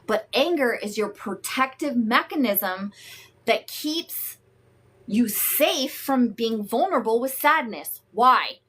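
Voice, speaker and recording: A woman hosts a live coaching session, speaking frankly and emphatically with casual swearing. Her voice is on the high side, and she talks slowly and deliberately. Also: expressive, a little hiss or hum. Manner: frank, emphatic, profane, greets viewers warmly. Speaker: host and emotional wellness coach. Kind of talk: live-streamed teaching talk.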